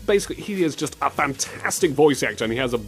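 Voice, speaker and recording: Man, podcast host, lively pitch, faint music behind. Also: fast talker. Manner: animated, slips into silly impressions. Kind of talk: comedic podcast chat.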